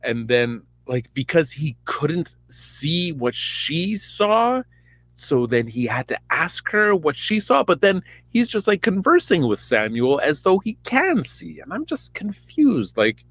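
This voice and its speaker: Irreverent campy male host, rambling, very animated. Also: a little high, takes it slowly, no room sound. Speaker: podcast host. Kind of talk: comedic Bible retelling.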